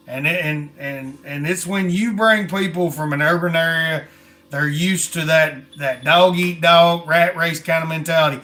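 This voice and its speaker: High bright folksy man. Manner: plainspoken, folksy drawl, "ain't" and "I mean". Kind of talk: casual chat.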